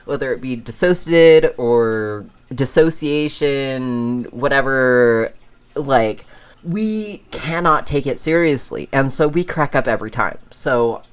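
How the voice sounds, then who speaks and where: A podcast host in an easygoing solo chat, drifting from thought to thought. The talk is unhurried, with a middle-range pitch. The host laughs often and trips over restarts. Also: clean tone. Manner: frequent fillers and restarts.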